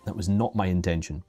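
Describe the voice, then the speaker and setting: Deep, husky-voiced man teaching sculpting. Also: dark tone. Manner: chatty, joking, restarts his sentences. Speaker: 3D sculpting instructor. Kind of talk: casual live-stream tutorial. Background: faint background music.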